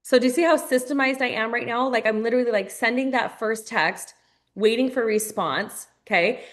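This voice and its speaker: A woman's voice: a little high, normal speed. A woman leading a live online training for new team members, upbeat and direct, talking to her listeners as "you guys" and repeating phrases for emphasis.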